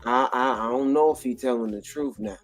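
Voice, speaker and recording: A male co-host reacting with drawn-out, mock-shocked exclamations. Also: mid-range voice, expressive, creaky, soft background music. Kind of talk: reaction commentary.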